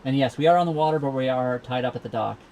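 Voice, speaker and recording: A man's voice: mid-range voice, fast talker, a little mellow, slight background noise. Easygoing Canadian man chatting live. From Saskatchewan, Canada. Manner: rambling, easygoing, many fillers. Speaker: livestream host. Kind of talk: casual live Q&A chat. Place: cabin of a sailboat docked at a marina.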